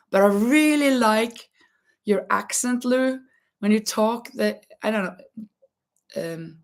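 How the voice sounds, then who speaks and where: Norwegian-native woman host, casual crochet chat, halting and full of laughter, mid-range voice. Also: medium pitch. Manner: halting, many restarts and frequent laughter. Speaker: livestream host and schoolteacher.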